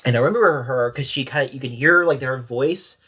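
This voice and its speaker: A man's voice: medium pitch, a little fast, sharp tone, breathy edge. A man, a sheriff's corporal, recounting a story as a podcast guest in a detailed, matter-of-fact way. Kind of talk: interview storytelling.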